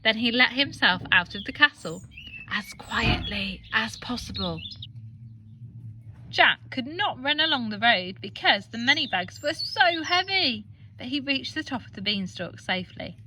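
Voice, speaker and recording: An English woman teacher reading a children's storybook aloud with expressive, animated delivery. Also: fairly high pitch, measured pace, background noise.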